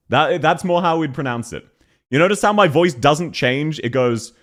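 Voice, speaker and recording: A man's voice: mid-range voice, normal speed. An Australian man giving casual commentary as a streamer, reacting to game voice lines with mocking imitations and frequent laughter.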